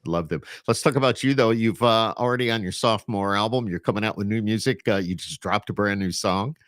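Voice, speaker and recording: Chatty low-voiced podcast host. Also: male voice, fairly quick, no room sound, studio quality. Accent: Upstate New York. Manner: chatty, rambling, animated. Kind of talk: casual interview chat.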